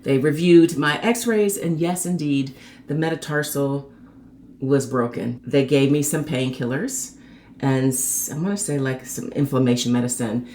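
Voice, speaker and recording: A woman hosting her own show, telling a personal story in a chatty, animated way and acting out the people in it. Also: measured pace, a little hiss or hum. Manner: animated, acts out quoted people with sharp pitch jumps; chatty and conversational. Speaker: host.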